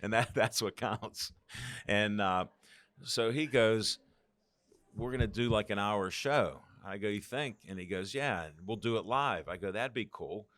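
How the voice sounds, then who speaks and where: An older man rambles through anecdotes in a fairly low voice, slipping into the voices of the people he quotes. His laugh breaks in often. The sound is dry and close, with no room around it. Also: a little slow, a bit bright, dry recording. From Pittsburgh. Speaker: guest. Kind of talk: casual storytelling interview.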